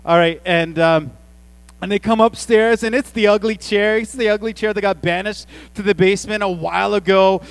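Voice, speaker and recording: A man in his forties preaching to a congregation, his voice sitting a touch higher than most men's. He spins homey family stories in a loose, chatty way, jumping into playful asides and quoted voices. A faint electrical hum runs underneath. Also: normal speed, clean tone, no room sound, poor audio. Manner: chatty, storytelling, animated asides. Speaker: pastor. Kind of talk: sermon.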